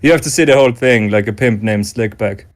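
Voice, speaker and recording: A man in a casual online chat, delivering deadpan, rambling jokes with frequent stammers. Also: on the low side, fairly quick. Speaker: regular guest.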